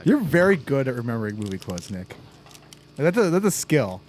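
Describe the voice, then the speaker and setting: A man's voice: mid-range voice, very animated, a little fast, a little mellow, a little hiss or hum. A man hosting a casual podcast, loosely reading out viewer comments and joking with his co-hosts. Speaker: podcast host. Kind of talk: casual chat.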